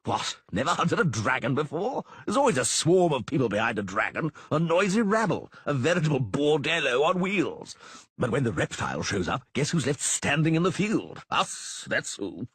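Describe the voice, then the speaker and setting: A man's voice: fairly high pitch, sing-song, moderate pace, fairly bright tone, husky, no echo, pitched above the performer's own voice, full character voice. A man voicing a massive, burly older male dragon hunter, boisterous and hearty.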